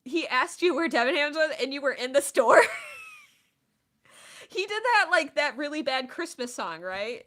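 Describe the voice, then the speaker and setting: A woman in her thirties hosting a casual chat stream, telling stories in an animated, chatty way. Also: high-pitched, takes it slowly, pauses often. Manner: chatty, animated storytelling with laughs.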